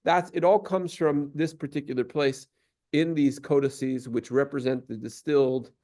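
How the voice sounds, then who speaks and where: A man's voice: medium pitch, steady tone, moderate pace, dark tone. A man giving a patient, explanatory lesson at a synagogue, now and then singing short examples. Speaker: synagogue teacher. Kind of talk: explanatory lesson on Torah cantillation.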